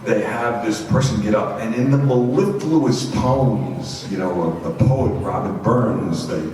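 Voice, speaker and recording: Low-voiced man with a Brooklyn accent. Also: a little slow, darkish tone. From Brooklyn, New York. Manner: conversational and anecdotal, with frequent repeated words and restarts. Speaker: university president giving a guest talk to students. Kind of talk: informal speech to an audience. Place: large echoey school hall. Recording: echoey hall, distant mic, faint noise.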